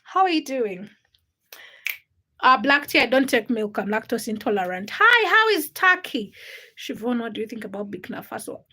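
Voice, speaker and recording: A woman from Uganda hosts a casual livestream from her home, chatting easily and greeting viewers one by one. Her voice sits high and sounds bright. She reads out comments and answers them as they come in. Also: brisk. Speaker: livestream host.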